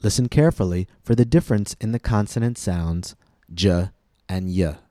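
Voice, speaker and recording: A man hosting a pronunciation podcast, reading a scripted lesson slowly and with careful, clear enunciation. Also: on the low side, mellow, no room sound, studio quality. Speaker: pronunciation teacher and podcast host.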